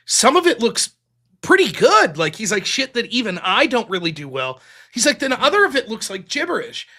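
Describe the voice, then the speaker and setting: A man with a high, bright voice hosts a political call-in show. He talks in loose, casual stretches, swears freely, and rambles through secondhand stories. His tone stays conversational and unscripted. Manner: profane, rambling storytelling retelling others' words.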